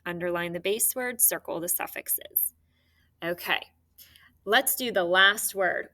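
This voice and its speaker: Slow, bright-voiced phonics teacher woman. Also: fairly low pitch. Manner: slow, clear, encouraging teacher talk with drawn-out words. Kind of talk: phonics lesson for young children.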